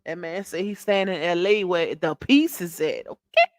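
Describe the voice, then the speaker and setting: A woman's voice: lowish voice, lively intonation, moderate pace, no echo, studio quality. A woman hosting a casual gossip live stream, reading viewer comments aloud and answering them, emphatic and repetitive. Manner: chatty, emphatic, repeats herself, addresses viewers as y'all and child.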